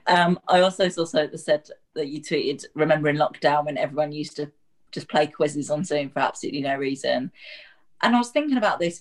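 Low-voiced woman host, filler-heavy. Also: a little fast. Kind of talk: casual interview.

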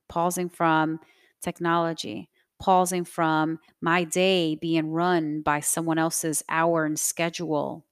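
A woman in her thirties hosting her own podcast, talking in an earnest, motivational way with soft breathy asides. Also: low-pitched, dry recording, studio quality. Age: 30s. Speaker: podcast host. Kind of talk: reflective solo podcast talk.

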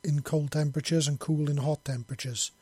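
Guy doing a jittery young soldier, apologetic, husky voice, storybook read. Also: on the high side, fairly even intonation, brisk, warm tone, dry recording. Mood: nervous. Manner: nervous, apologetic. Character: nervous young human soldier man, apologetic.

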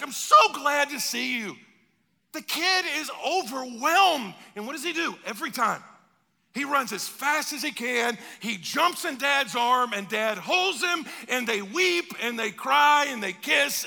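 A pastor delivers an animated sermon, slipping into quick acted-out exchanges. His voice sits high for a man, with a gravelly rasp and a sharp, bright tone. It carries a long hall echo. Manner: animated preaching with acted-out dialogue.

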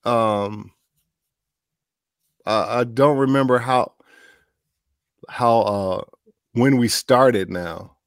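Here the same kind of guest, a middle-aged male voice actor, spins animated stories in a relaxed interview, imitating everyone he quotes. He speaks in a mid-range voice, extremely slowly and with frequent pauses. The tone is clean, free of echo, with clean studio sound.

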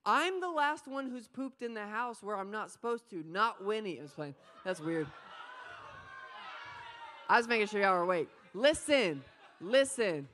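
Bright, playful woman preaching. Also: mid-range voice, unhurried. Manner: animated, playful, talks straight to the crowd. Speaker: pastor. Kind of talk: energetic sermon.

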